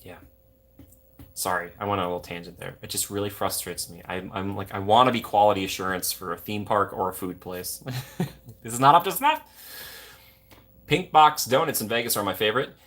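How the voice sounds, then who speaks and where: A man's voice: fairly low pitch, a little fast, fairly bright tone. A young man from Minnesota, hosting a livestream, chatting casually and going off on jokey tangents while reading viewer comments. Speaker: livestream host.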